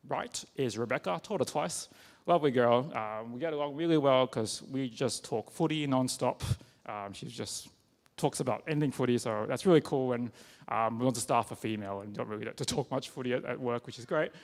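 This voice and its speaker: A man giving a personal sermon, talking conversationally with halting restarts and many fillers. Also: mid-range voice, gravelly. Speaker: preacher. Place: church. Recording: long reverb of a church hall.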